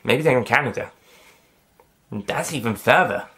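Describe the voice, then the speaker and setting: A man with a medium-pitched, bright, husky voice gives a casual spoken film review at normal speed, sounding expressive and forceful. He rambles, corrects himself often, and drops in light jokes.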